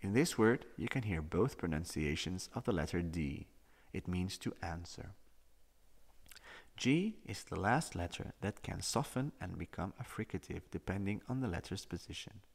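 A man teaching a language lesson, explaining and slowly demonstrating how each letter sounds. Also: low-pitched, lively intonation, creaky, long reverb tail. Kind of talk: educational video lesson.

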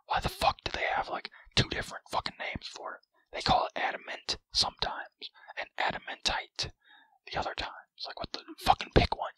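A gaming commentator role-plays a greedy, grouchy male cartoon crab in whispers, tossing out profane, rambling, self-mocking commentary. His natural voice comes across bright and forceful, with no room sound and rough recording quality.

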